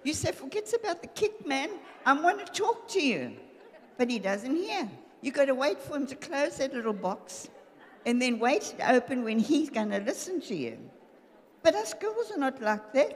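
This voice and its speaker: In a church hall with big-room sound, an older woman, a pastor's wife, preaches a humorous sermon about marriage, acting out the voices of husbands and wives. Her voice is high with a darkish tone.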